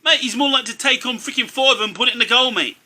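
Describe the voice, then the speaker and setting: Fast, bright-voiced indignant dad. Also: male voice, very high voice. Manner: indignant ranting, ends nearly every phrase with "mate". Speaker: co-host, father. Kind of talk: casual football banter.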